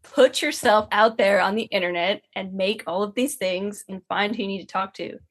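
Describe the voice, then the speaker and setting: A woman co-hosting an interview in a relaxed, casual way, with many fillers. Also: medium pitch, normal speed. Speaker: podcast co-host.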